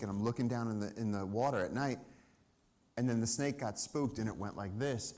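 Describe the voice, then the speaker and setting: A man with a fairly low voice tells field stories to a live audience from a summit stage. He talks in an animated way and acts out the people he quotes. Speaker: conservation speaker. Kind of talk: storytelling talk to a live audience.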